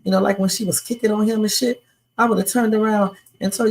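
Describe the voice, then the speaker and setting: A woman's voice: mid-range voice, fairly even intonation, quick pace, poor audio. A woman hosting a casual reaction livestream, giving blunt opinions and talking directly to her chat. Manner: chatty, opinionated, talks to the chat. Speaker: livestream host reacting to sketches.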